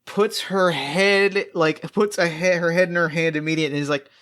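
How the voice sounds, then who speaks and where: A man's voice: a little high, steady tone, fairly quick, fairly bright tone. A man narrating as game master in a tabletop game, rambling with many fillers and restarts. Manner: rambling, filler-heavy, laughs often.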